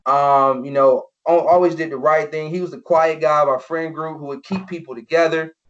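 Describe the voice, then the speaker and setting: A man's voice: on the high side, fairly even intonation, moderate pace, a bit bright. A young man, a former football player, telling personal stories as a podcast guest, earnest and full of "you know" fillers. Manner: earnest, many "you know" fillers, acts out quoted voices. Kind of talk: personal storytelling in an interview. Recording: dull lo-fi podcast audio.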